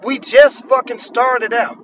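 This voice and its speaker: A man's voice: very high-pitched, fairly even intonation, slow pace, fairly bright tone, a little hiss or hum, low-quality recording. A man in his thirties hosting a podcast, ranting bluntly and profanely in an annoyed tone. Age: 30s. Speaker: podcast host. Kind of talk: solo podcast rant.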